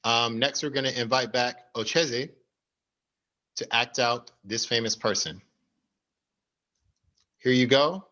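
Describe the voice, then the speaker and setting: A man's voice: mid-range voice, takes it slowly, pauses often, pushed and bright, lo-fi sound. A man hosting an online party game over a video call, with an upbeat, announcer-like delivery. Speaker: game host.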